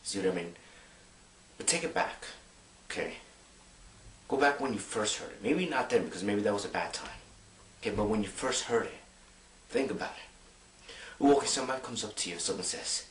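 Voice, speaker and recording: A young man talking to camera in a rambling, excited way, full of filler words. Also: fairly low pitch, fairly quick, pauses often. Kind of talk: casual monologue to camera. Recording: roomy, distant mic.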